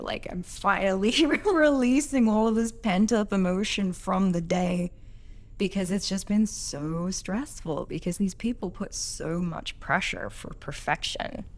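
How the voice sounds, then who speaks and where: A woman's voice: on the low side, gravelly. A woman on a podcast, speaking earnestly and reflectively about a past workplace in casual conversation. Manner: earnest, reflective, quotes others in acted tones. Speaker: podcast guest, employee.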